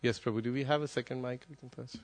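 A man giving a devotional class at a temple, talking quickly with restarts and soft asides, then taking questions. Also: medium pitch, fairly even intonation. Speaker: class speaker at a temple gathering.

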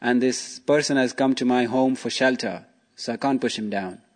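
A man voicing a calm, principled male bear in a told story, firmly refusing. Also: medium pitch, moderate pace, lightly acted. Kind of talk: storytelling in a talk.

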